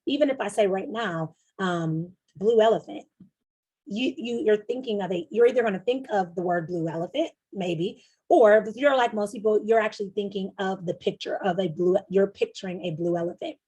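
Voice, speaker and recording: A young adult woman coach walks her listeners through ideas in a loose, conversational way, full of fillers and quick acted-out inner voices. Her voice sits at a middle pitch with a husky edge. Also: warm tone. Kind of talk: teaching presentation.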